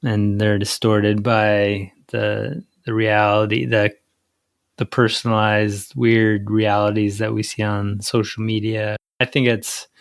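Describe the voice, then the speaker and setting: A man's voice: lowish voice, slow, creaky. A man from the hosting a podcast, chatting loosely with a guest and laughing easily, then reading out thanks. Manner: relaxed, laughing, loosely phrased. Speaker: podcast host. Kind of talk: casual interview chat and outro.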